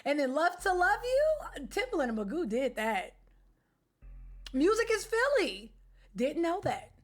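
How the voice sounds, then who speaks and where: A woman streamer chatting casually with her live viewers, animated, slangy and opinionated. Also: very high-pitched, unhurried, soft background music. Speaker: game streamer.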